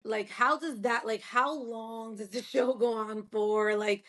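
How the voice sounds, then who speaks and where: A woman's voice: a little high, fairly even intonation, measured pace, a bit bright. A woman hosting a casual interview, asking questions hesitantly and rephrasing as she goes. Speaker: interview host.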